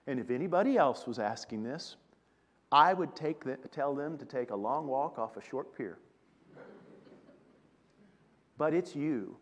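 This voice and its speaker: A man preaching acts out a weary, exasperated fisherman who has worked all night, loud and pleading. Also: medium pitch, pitched below the performer's own voice. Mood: weary, resolved. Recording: long reverb of a church hall.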